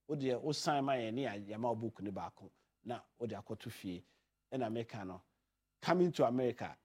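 A man hosting a radio talk show in a relaxed, chatty way, switching freely between languages. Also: medium pitch, brisk, slightly rough. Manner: mixes languages, chatty and loose. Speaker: radio host. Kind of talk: casual radio chat.

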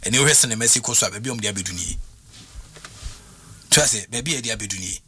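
A man's voice: lowish voice, fast, bright, forceful tone, husky. A man talking football as a pundit, emphatic and full of restarts and repeated words. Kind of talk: animated radio sports talk.

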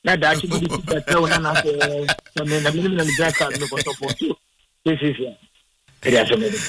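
Animated man ranting on a call-in. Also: a little high, fairly quick, noisy background. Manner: animated, repetitive, rambling and indignant. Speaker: caller. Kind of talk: call-in radio football opinion.

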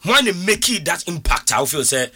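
Sports host, bright and lively voice, fairly high, teasing and casual. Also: male voice, a little fast, slightly rough. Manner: teasing, lots of "mm" backchannels.

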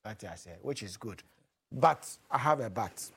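A man's voice: lowish voice, moderate pace, creaky, slight background noise. A man with a Ghanaian accent giving a teasing critique as a judge. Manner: animated, teasing.

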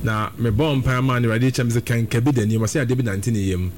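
A man's voice: medium pitch, steady tone, quick pace, a little mellow, soft background music. A man preaching a sermon, repeating phrases and trading short responses. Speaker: pastor.

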